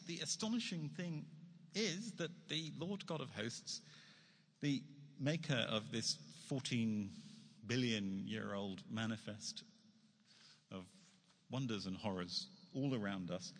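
A man's voice: medium pitch, slightly rough. A man author giving an earnest, reflective religious talk to an audience in a hall. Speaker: speaker, author. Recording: long hall reverb.

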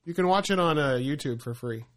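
A man's voice: fairly high pitch, expressive, a little fast. Loose, laughing podcast man. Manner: laughs often, loose and swearing. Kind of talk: casual chat.

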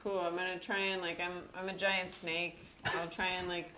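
A woman's voice: fairly low pitch, flat delivery, moderate pace, noisy background. Chatty woman playing a tabletop game. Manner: chatty, thinks aloud with fillers. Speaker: player. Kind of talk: casual tabletop game play.

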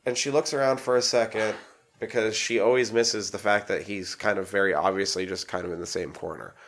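A man's voice: on the low side, steady tone, brisk, fairly bright tone. A man co-hosting a casual podcast, recapping film scenes matter-of-factly with blunt swearing. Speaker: podcast co-host.

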